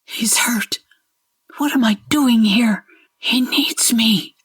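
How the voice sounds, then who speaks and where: A woman's voice: a little high, takes it slowly, breathy edge, voice pushed up, full character voice. A woman doing a frantic young healer. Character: frightened young woman healer protecting her dog.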